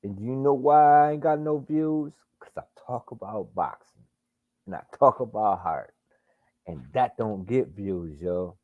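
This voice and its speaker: Slow-talking, low-voiced male streamer. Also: dry recording, phone-quality sound. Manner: profane, emphatic, drawn-out remarks. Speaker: boxing livestream host. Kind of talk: casual live commentary.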